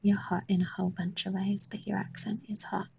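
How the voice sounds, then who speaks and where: A woman's voice: mid-range voice, little pitch movement, fairly quick, gravelly, darkish tone, a little hiss or hum, low-quality recording. A woman with a London accent, chatting casually on a live stream while she draws, joking, swearing and reading chat aloud.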